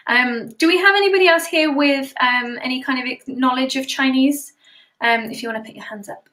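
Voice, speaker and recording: A woman's voice: high-pitched, fairly quick, bright, forceful tone, echoey room. A British woman hosting a casual live stream as a singer, chatting and giggling while she reads out viewer comments.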